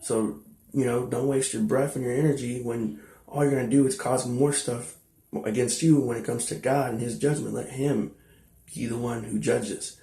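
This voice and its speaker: A man's voice: mid-range voice, steady tone, normal speed, gravelly, dark tone, reverberant. A young man telling a personal story in a rambling, blunt way, with many fillers and asides. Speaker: vlogger telling his life story.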